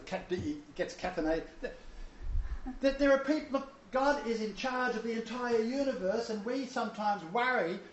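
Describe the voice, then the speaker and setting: A man's voice: sits high, echoey room, lo-fi sound. A man teaching a Bible lecture to a small seated audience, emphatic and joking, with chuckling asides. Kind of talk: informal sermon lecture.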